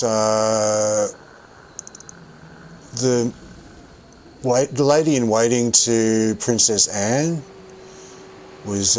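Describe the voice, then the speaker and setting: A man's voice: fairly low pitch, a little hiss or hum, poor audio. A man casually telling a rambling anecdote while playing a game, often correcting himself as he goes. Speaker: streamer telling stories while gaming.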